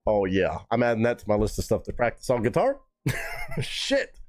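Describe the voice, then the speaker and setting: A young man hosting a live music reaction stream, talking casually and excitedly to his chat with plenty of swearing. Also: mid-range voice, normal speed. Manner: excitable, profane, talks straight to chat.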